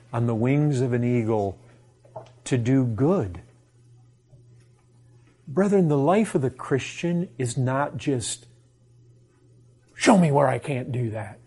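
A man's voice: medium pitch, mellow. A man preaching a sermon to his congregation, impassioned and full of rhetorical questions.

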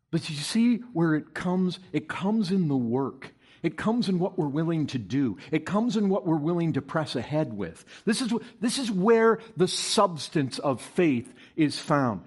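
A man's voice: fairly high pitch, a little mellow, husky. A man preaching a sermon to his congregation, reading scripture aloud, asking the listeners questions and building to emphatic, stressed bursts. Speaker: pastor.

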